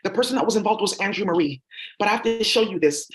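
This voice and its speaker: A woman talks straight to her audience in a loose, rambling vlog. Her pitch sits in the middle, and she jumps from claim to claim in an accusatory tone. She fills the gaps with hesitant ums and uhs. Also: animated, fast. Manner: rambling and accusatory, heavy with fillers. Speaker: vlogger. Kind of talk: rambling direct-to-camera monologue.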